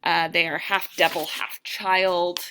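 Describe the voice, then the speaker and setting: A woman's voice: lowish voice, flat delivery, takes it slowly, pushed and bright, slight background noise. A woman instructor giving a casual recorded lecture, thinking aloud with lots of fillers and self-deprecating asides. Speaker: writing instructor.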